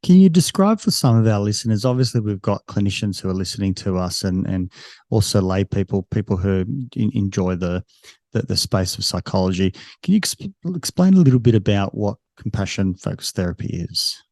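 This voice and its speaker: A man's voice: on the low side, animated, fairly quick, a little mellow, no echo, studio quality. A man hosting a podcast interview, asking long, rambling questions with repeated words. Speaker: podcast host.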